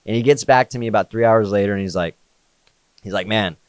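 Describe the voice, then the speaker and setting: A man's voice: on the low side, fast talker, clear, resonant tone, dry recording. A man, a podcast guest, telling a story in casual, slangy conversation, often saying "like" and "dude". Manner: laid-back, slangy, says "like" and "dude" often.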